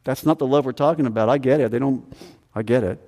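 In a church sanctuary, a pastor preaches a sermon with a quick, mellow, medium-pitched voice that fills the large hall. He speaks emphatically, repeating phrases and putting questions to the congregation.

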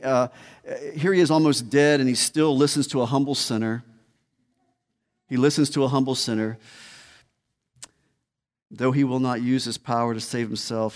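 Guy preaching, emphatic, repeats stuff, big hall echo, mid pitch. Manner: emphatic, repeats key words. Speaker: pastor. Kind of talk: sermon. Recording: long hall reverb.

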